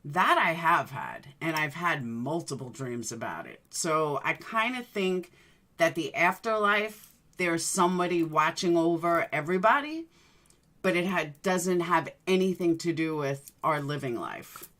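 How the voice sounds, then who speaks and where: Woman, low bright voice, casual rambling chat, addresses viewers by name. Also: expressive, a little slow. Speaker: livestream host chatting with viewers.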